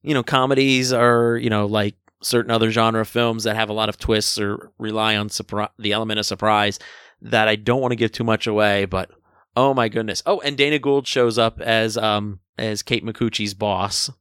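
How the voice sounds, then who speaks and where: A man's voice: fairly low pitch, steady tone, moderate pace, fairly bright tone, clear, resonant tone, dry recording, studio quality. A man hosting a casual film review chat, enthusiastic and full of jokey asides. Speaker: film review podcast host.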